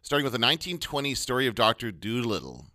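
A man co-hosting a casual podcast chat, chatty and animated, laughing as he talks. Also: medium pitch, fast, dry recording, clean studio sound. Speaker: podcast co-host.

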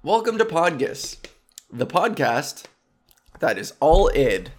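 A man's voice: on the high side, very animated, slow pace. A man hosting his own podcast, chatting alone in a rambling, impulsive and self-mocking way, trying out goofy names. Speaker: podcast host. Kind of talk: casual solo podcast chat.

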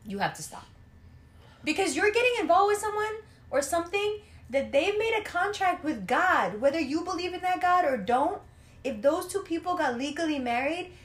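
A woman chatting casually, telling stories with lots of laughter and cursing. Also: high-pitched. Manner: animated storyteller, laughs a lot, swears freely. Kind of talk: casual chat.

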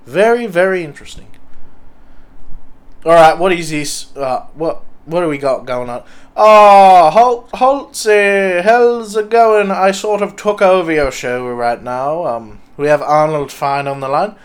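A man's voice: fairly high pitch, lively intonation, unhurried, smooth. A man voicing a deferential, bland male podcast cohost who mumbles politely and repeats himself. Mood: politely bored. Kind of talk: improvised comedy character.

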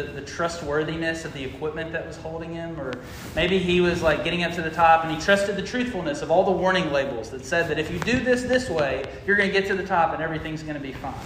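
A man, a youth pastor telling a story in a sermon, animated and full of fillers. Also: a little high. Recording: echoey room with noise.

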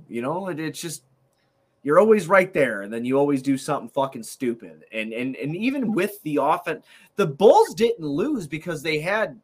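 A man hosting a casual sports podcast, frustrated, swearing freely and repeating himself as he talks the game over. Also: on the high side. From Italian heritage.

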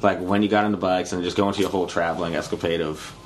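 A man's voice: low voice, fairly even intonation, racing, a crowd in the background. A young man hosting a casual podcast chat, crude and jokey, laughing often and squeamish. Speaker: podcast host.

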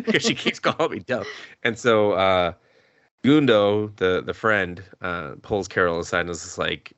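A man's voice: low voice, unhurried, fairly bright tone, dry recording. A man hosting a podcast, casually recapping an anime, swearing freely and laughing as he retells scenes. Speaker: podcast host.

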